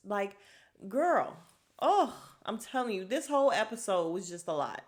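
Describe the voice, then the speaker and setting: A woman's voice: medium pitch, very animated, moderate pace. A woman hosting a casual podcast, recapping a reality show in a blunt, sassy, profane way and acting out what people said. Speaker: podcast host.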